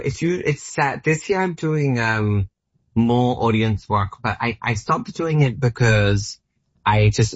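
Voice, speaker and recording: A man's voice: lowish voice, no echo. A man in his thirties with an Australian accent, a comedian guest chatting casually in an interview, rambling and self-deprecating with lots of fillers. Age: 30s. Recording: muffled dry broadcast audio.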